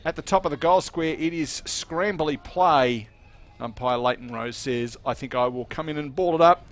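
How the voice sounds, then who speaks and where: A male radio commentator calling a football match with a slightly raised pitch. He is chatty and jokey, rattling off play and scores and throwing in greetings to listeners. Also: normal speed, a bit bright.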